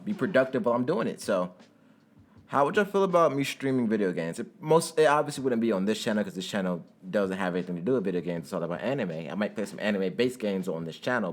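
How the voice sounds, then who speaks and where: A young man narrating a fan story and then chatting casually to his viewers, rambling and laughing, jumping into high squeaky tones when he jokes. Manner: giggly, rambling, jumps into high squeaky bits when joking.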